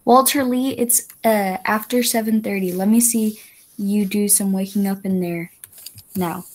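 A weary young mother hurrying her family awake, as a woman student reads her in class. The reading is plain and halting, with small pauses and restarts, at a middling pitch. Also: steady tone, natural voice. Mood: urging. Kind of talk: classroom read-aloud of a play.

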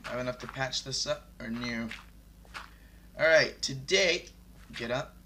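A young man commentating his Minecraft let's-play, excitable and swearing loudly whenever he is in danger. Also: mid-range voice, a little slow, noisy background. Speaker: gaming YouTuber.

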